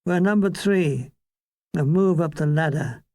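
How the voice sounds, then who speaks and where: Reading aloud from his own war memoir, an older Irish man speaks in a slightly high voice with a darkish tone, and there's no room sound. He spins it as dry comic storytelling, with quick asides and mock voices along the way.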